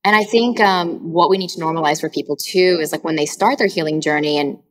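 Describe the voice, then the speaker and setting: A woman's voice: sits low, brisk, low-quality recording. A woman hosting a podcast and coaching clients, talking candidly and emphatically in casual chat, with some swearing. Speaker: podcast host and healing coach.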